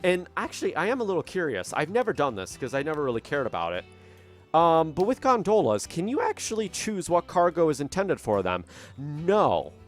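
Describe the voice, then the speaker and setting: A man's voice: fairly high pitch, wildly swooping pitch, fairly quick. Chatty man talking over game music. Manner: chatty, self-mocking, thinking aloud with restarts. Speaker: gaming channel host. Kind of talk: casual gameplay commentary. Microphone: desk microphone at a computer.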